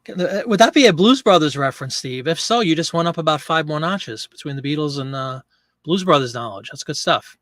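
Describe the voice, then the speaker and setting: Host type, man, slightly high voice, dry close sound, loose joking live-stream banter with his chat. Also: lively intonation, fairly quick, a bit bright, no room sound. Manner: chatty and joking, riffs on viewers' remarks. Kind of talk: casual live-stream chat, reading viewer comments aloud.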